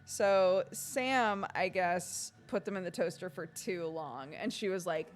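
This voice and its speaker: A woman streamer chatting casually with her viewers, telling stories in an animated way with lots of laughter and fillers. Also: fairly low pitch, unhurried, few pauses.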